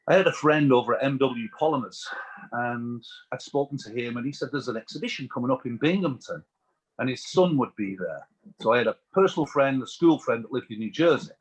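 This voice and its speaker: A British business owner, appearing as an interview guest, shares anecdotes in a chatty, lively manner. His voice is medium-pitched with a breathy edge, and the audio quality is poor.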